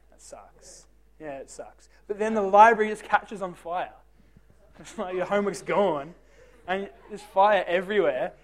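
High-voiced young man, joking youth speaker. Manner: joking, self-deprecating storyteller; talks straight to the teens with questions. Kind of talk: casual youth group talk.

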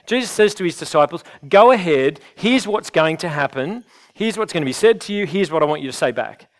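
A man's voice: a little high, expressive, brisk. A man preaching a sermon in an earnest, conversational way, often restarting his phrases. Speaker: pastor.

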